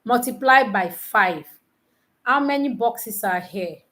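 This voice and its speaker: A woman tutoring nurses in a live online lesson, teasing her students and quizzing them with repeated questions, counting aloud slowly. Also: fairly high pitch, expressive, a bit bright. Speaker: nursing exam tutor.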